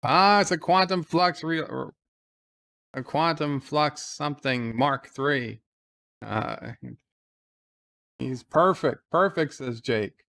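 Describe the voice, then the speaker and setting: A man's voice: fairly high pitch, slow pace, vocal fry, long pauses, sharp tone. A man giving casual live commentary on an episode, retelling scenes by quoting lines.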